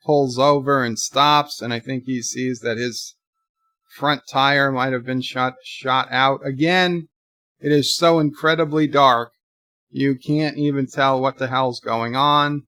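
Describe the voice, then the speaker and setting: A man's medium-pitched voice, steady and sharp in tone, moves at a slow pace with no echo. He is a channel host commenting off the cuff while a TV episode plays, thinking aloud and narrating the scenes in real time.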